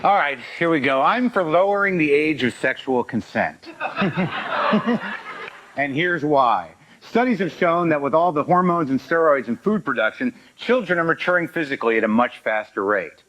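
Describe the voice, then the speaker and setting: A man comedian on a talk show panel, pitching an absurd cause in a mock-serious, argued tone with ironic asides. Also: animated, normal speed, fairly bright tone, slight background noise. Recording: slightly dull lo-fi TV audio.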